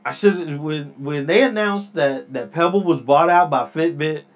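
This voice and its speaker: A man's voice: on the high side, unhurried, clear, resonant tone. A man hosting his own podcast, rambling in casual talk, repeating himself and calling his listeners "people". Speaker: podcast host. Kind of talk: casual solo podcast rant. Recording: dull lo-fi sound.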